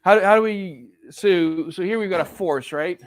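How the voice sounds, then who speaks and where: A man's voice: sits high, moderate pace. A male professor giving a classroom lecture in a conversational way, often checking in with "right?". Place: lecture hall.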